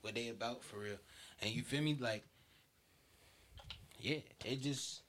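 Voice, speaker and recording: A young man in casual chat, relaxed, often trailing off mid-thought. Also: medium pitch, measured pace, slight background noise. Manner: relaxed, keeps saying "you feel me", trails off.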